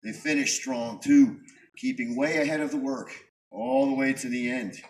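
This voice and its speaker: A man from New York reading his own poems at a live show, in a dry, wry storytelling manner with punchy pauses. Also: medium pitch, steady tone. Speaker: performance poet. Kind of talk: live spoken-word poetry reading. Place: live venue before an audience. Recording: distant mic, faint room ambience.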